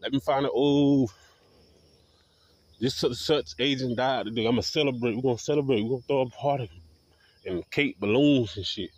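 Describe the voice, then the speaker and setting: A man's voice: medium pitch, normal speed, pauses often, breathy edge. Profane, defiant man ranting. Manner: profane, defiant, repetitive street talk. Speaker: video blogger. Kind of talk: ranting monologue to camera.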